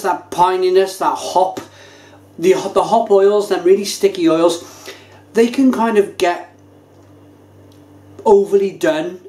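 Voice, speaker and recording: A man reviewing craft beer to camera, talking casually with animated enthusiasm. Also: high voice. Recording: echoey room.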